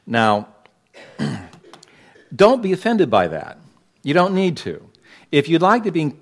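A man from Los Angeles preaching a sermon to his congregation, pointed and emphatic, leaning hard on key words. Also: medium pitch. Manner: emphatic, pointed preaching with sudden loud stresses. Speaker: pastor.

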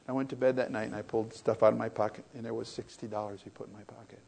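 An older man preaching a sermon, telling stories that swing from loud, excited retellings to quiet reflection. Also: very fast, creaky. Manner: storytelling, rises loud and high in excitement, drops to soft and low when reflective.

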